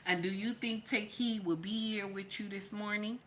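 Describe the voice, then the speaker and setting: A woman's voice: medium pitch, steady tone, normal speed, fairly bright tone, slight background noise. A woman hosting a live vlog, speaking emphatically and repeating herself, tearful after crying. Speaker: channel host. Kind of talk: live-stream reaction vlog.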